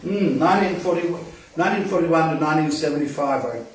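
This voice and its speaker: A man reading and reciting verse at an open mic, halting in speech and bold in recitation. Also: fairly high pitch, slight background noise. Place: poetry event venue. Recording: very echoey room, distant mic.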